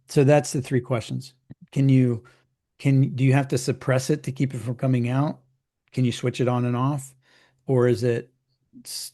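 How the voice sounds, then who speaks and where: Man, middle-aged, coach, gravelly, dark tone, casual chat. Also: mid-range voice. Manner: chatty, acts out clients in quick put-on voices.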